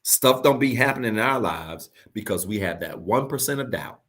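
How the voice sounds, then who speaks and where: A man's voice: on the low side, expressive. Man preaching with emphatic repeats. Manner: preaching with sudden soft drops and slow emphatic repeats. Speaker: pastor. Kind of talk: sermon. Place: online church service.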